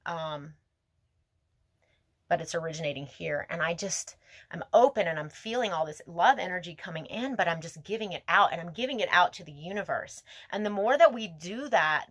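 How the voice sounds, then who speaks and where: A woman giving a tarot reading to her viewers, talking in a gentle, emotive, spiritual way that wanders from thought to thought. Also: on the low side, lively intonation, moderate pace, no room sound. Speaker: tarot reader.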